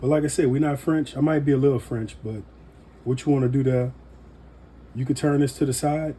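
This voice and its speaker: A man giving a casual cooking demonstration in a relaxed, folksy way with joking asides. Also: mid-range voice, a little fast, breathy edge. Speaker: home cook demonstrating knife skills.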